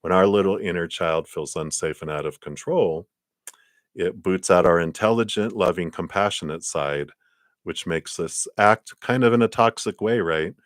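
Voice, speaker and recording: Tarot reader, male, very low voice, dry close sound, lively storyteller who acts out quotes. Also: normal speed, no echo. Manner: animated storytelling with acted quotes and sound effects. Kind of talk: live-stream tarot reading. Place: indoors.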